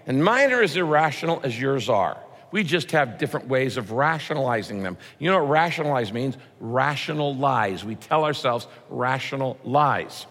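Animated pastor preaching in a hall. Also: male voice, medium pitch, normal speed, few pauses. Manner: punchy rhymes and mock quotes, animated. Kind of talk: sermon.

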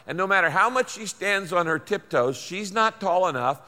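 A man's voice: high-pitched, animated, a little fast, hardly any pauses, bright, forceful tone, long reverb tail. An older man preaching a sermon, folksy and emphatic, with lots of repetition. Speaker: pastor.

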